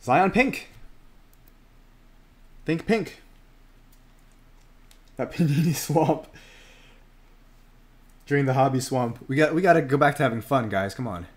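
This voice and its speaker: A man hosting a casual card break stream, joking around and chatting while opening packs. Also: medium pitch. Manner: joking, animated, laughs often. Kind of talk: casual livestream commentary.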